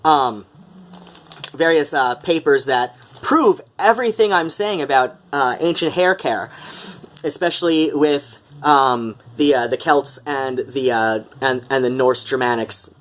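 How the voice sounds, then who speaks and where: A man's voice: mid-range voice, unhurried, fairly bright tone. A middle-aged man from Metro Detroit, speaking in a put-on Mid-Atlantic accent, talking casually to camera with many fillers and restarts. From Metro Detroit, USA. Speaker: vlogger.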